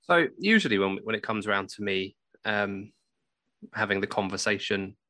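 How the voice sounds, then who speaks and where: A man's voice: lowish voice, expressive, moderate pace, sharp tone, no room sound. A man co-hosting a podcast, joking and a bit hesitant in casual chat. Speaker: podcast co-host.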